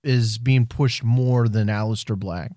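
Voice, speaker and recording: A man's voice: medium pitch, fairly even intonation, a little slow, dark tone, no room sound, studio quality. A man co-hosting a casual podcast, arguing his points and pressing his partner with pointed questions. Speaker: podcast co-host. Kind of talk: casual wrestling chat.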